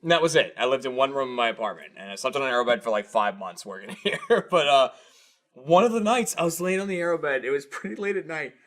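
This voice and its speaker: A man's voice: medium pitch, lively intonation, fast, a bit bright. A man co-hosting a podcast, telling stories in a casual, rambling way with lots of swearing and filler words. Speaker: podcast co-host. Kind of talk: casual storytelling chat.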